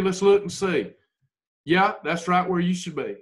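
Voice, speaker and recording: A man's voice: high-pitched, normal speed. A man leading a weight-loss group, talking in a blunt, folksy, preachy way. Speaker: weight-loss program leader. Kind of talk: motivational talk to a group.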